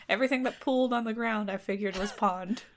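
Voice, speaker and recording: A woman's voice: medium pitch, moderate pace, slight background noise. Giggly woman retelling a fairy tale. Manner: casual, giggly, self-mocking. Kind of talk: comedic story retelling.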